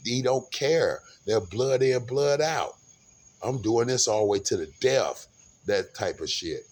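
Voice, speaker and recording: Guy with a lowish voice ranting about his bus trip, swears a lot, keeps restarting sentences. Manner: rambling, profane, with repeated restarts. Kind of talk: casual monologue recounting a bus trip.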